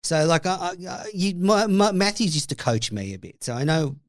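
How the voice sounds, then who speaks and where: A man's voice: sits high, big pitch swings, normal speed, no room sound, clean studio sound. A man hosting a podcast, asking rambling questions full of fillers. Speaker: podcast host. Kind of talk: casual interview.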